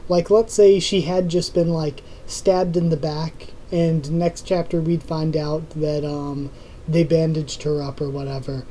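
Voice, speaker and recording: A young adult vlog host answering viewer comments in a loose, rambling way, stopping to restart sentences and filling pauses with um. The voice is very dark and mellow and sits at a mid pitch. A faint hiss of room noise lies under it. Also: little pitch movement, poor audio. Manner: rambling, full of ums and restarts. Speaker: YouTube channel host.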